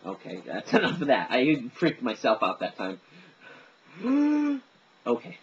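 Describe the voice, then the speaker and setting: Brief: self-deprecating man in casual chat, mid-pitched voice, faint background noise. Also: big pitch swings, moderate pace. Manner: rambling, self-deprecating, hesitant. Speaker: vlogger demonstrating voices. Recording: dull lo-fi recording with faint noise.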